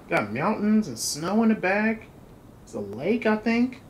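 High-pitched and sing-song, a man's voice goes a little slowly through let's play commentary on his gaming channel. He chats along, voices the on-screen text, and points out small details. The recording is rough, with slight background noise.

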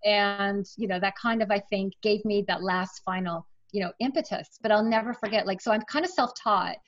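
A woman's voice: mid-range voice, fairly quick. Middle-aged woman, chatty author telling her story in an interview, muffled lo-fi sound. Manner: chatty, animated, emotional at times. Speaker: author guest.

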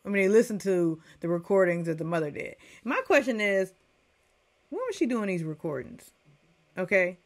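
A middle-aged woman reviewing a TV episode in a casual rant, chatty and animated as she talks straight to her viewers. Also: mid-range voice, normal speed. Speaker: TV recap reviewer.

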